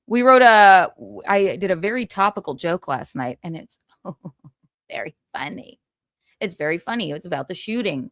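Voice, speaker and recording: Woman, gossip stream host, animated pitch, dry close sound, tired but chatty. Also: normal speed, no room sound. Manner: chatty, giggly, tired asides. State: exhausted. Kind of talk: casual chat.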